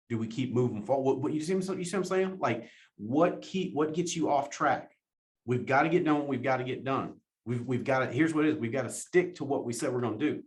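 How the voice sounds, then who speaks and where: Animated man giving a motivational talk. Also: medium pitch. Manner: animated, laughs often, repeats questions for emphasis. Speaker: motivational speaker.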